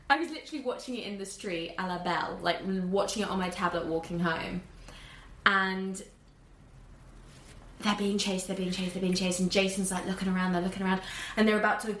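A woman's voice: medium pitch, a little fast. A woman in her twenties chatting casually about a movie, acting out scenes and laughing as she goes. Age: 20s. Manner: animated, acts out scenes with loud swearing and laughter. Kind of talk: casual movie review chat. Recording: echoey room with faint background noise.

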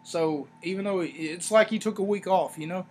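A man hosting a wrestling review podcast, talking casually in a rambling, sarcastic way with animated asides. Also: sits high, brisk, faint music behind. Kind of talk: casual solo review talk.

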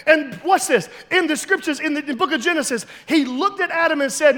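A male pastor preaching a sermon, telling stories and building to loud, emphatic shouts. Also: very high voice, lively intonation, normal speed, in a large hall.

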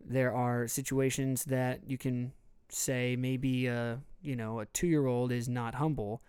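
A man's voice: mid-range voice, little pitch movement, slow, a little mellow, clear, resonant tone, no room sound. A man, a youth pastor talking casually in a podcast, rambling and joking as he goes.

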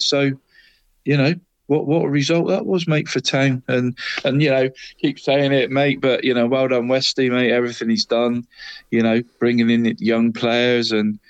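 A man with a medium-pitched, fairly flat voice co-hosts a local football podcast at a normal speed, recorded with no echo. His casual football chat rambles, and he constantly drops "mate" and "Deeks."

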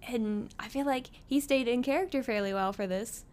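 A woman's voice: fairly high pitch, normal speed, crowd noise. A woman co-hosting a podcast, chatting casually in an easygoing way and giggling often. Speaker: podcast co-host. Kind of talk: casual chat.

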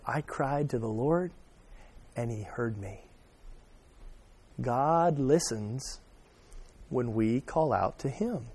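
A man preaching a sermon, asking his listeners questions and swinging from loud emphasis to quiet, soft remarks. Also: medium pitch. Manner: addresses listeners by name, asks questions. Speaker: pastor.

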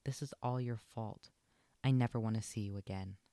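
A man voicing a gentle, worried female house dog in a storybook, speaking primly and anxiously. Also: on the low side, normal speed, no echo, lightly acted. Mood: upset. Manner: prim, anxious pleading.

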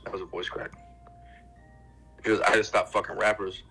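Low, bright-toned man, off-mic. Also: level tone, a little fast, creaky, soft background music, rough recording. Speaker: podcast co-host. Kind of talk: casual chat.

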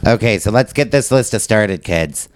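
A man from the Pittsburgh area hosting a casual comedy podcast, cracking quick jokes and steering the segments. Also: on the low side, lively intonation. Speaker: podcast host.

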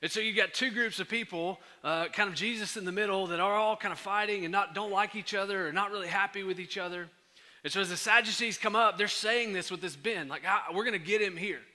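A pastor delivering a sermon in a conversational way, full of fillers and restarts. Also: male voice, sits high, brisk, sharp tone, in a large hall.

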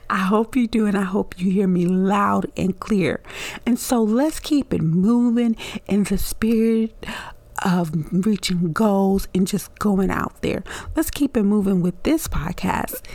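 A woman's voice: mid-range voice, vocal fry, a little mellow, no echo. A woman hosting her own podcast in a solo monologue, upbeat and chatty, laughing often and using fillers. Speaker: podcast host.

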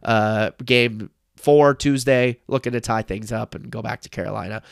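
A young man hosting a solo sports podcast, recapping a game in emphatic, excitable fan talk into a close mic. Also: lowish voice, moderate pace, gravelly, clear, resonant tone, no echo. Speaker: podcast host.

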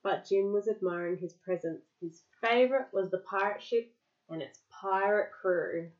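A woman reading a picture book aloud to a child, lively, pausing to explain words and answer questions. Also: medium pitch, dull audio.

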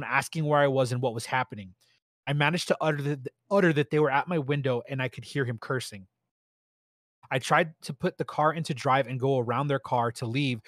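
A man reading a first-person story aloud in a steady, plain way, with a few small stumbles. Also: mid-range voice, dry recording, studio quality. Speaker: story narrator.

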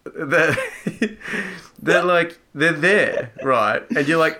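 Aussie bloke hosting a podcast, bright sharp voice, keeps laughing and teasing. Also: male voice, a little high, extremely slow. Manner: laughs often, teasing and enthusiastic. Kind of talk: casual chat.

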